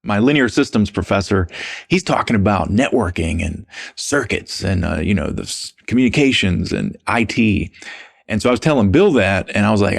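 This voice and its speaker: A man, telling stories as a guest in a casual interview in a relaxed, anecdotal way. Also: on the low side, normal speed, gravelly. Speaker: podcast guest.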